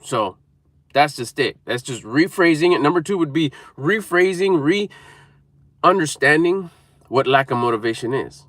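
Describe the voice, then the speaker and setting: A man's voice: on the high side, lively intonation, a little slow, fairly bright tone, no echo. A man giving an emphatic, repetitive motivational talk to camera, coaching viewers. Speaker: motivational speaker.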